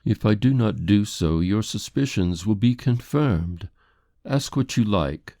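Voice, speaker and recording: A haughty society lady in an audiobook, prim and defensive, her voice lifted well above the deep gravelly tone of the man reading her. She speaks formally and with indignation. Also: expressive, measured pace, mellow, no echo, studio quality.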